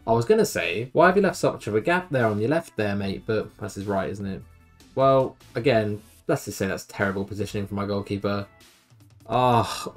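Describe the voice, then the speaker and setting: A man's voice: lowish voice, quick pace, faint music behind. A young man commentating over a football management game, exasperated and grumbling at his team. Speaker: gaming YouTuber. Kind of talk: let's play commentary.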